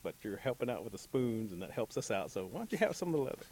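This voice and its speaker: A man's voice: fairly low pitch, big pitch swings, fast talker, a little mellow. A man voicing a generous village woman who sews leather in a folk tale, talking in a friendly, chatty way.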